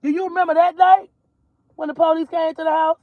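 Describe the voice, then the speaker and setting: A woman's voice: extremely high pitch, little pitch movement, brisk, no echo, phone-quality sound. A woman from Georgia vents in a heated, profane rant to her viewers. She talks bluntly and cuts in with asides, recorded dry and close from inside a car. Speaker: mother vlogger. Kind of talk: casual ranting vlog. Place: in a car while driving.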